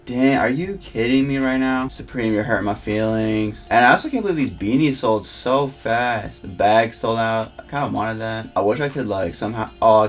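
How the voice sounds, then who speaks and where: A man's voice: lowish voice, moderate pace, few pauses, faint music behind. A young man vlogging casual live commentary, frustrated and pleading as he talks.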